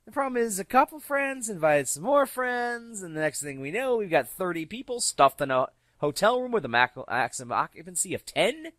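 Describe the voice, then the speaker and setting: Male podcast regular, bright lively storyteller who slips into voices, close dry sound. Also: high voice, brisk, hardly any pauses, no room sound. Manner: animated, acts out quoted voices. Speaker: podcast regular telling stories. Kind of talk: casual storytelling.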